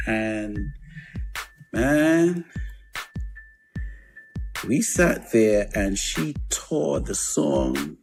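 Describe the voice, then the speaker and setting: A man's voice: mid-range voice, very animated, extremely slow, long pauses, soft background music. A man hosting a radio show, chatting casually and rambling through memories with lots of fillers and restarts. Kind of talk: casual storytelling chat.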